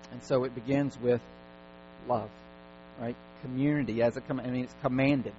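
A male pastor preaching a sermon, driving his points home through repeated commands. His voice sits at an ordinary middle pitch. The recording sounds dull and lo-fi, with a faint mains hum underneath. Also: fairly even intonation, normal speed, a little mellow. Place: church service.

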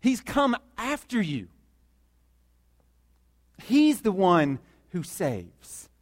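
A man preaching a sermon, emphatic and building through repeated phrases to loud peaks. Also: high voice, very animated, extremely slow, big-room sound. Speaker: pastor.

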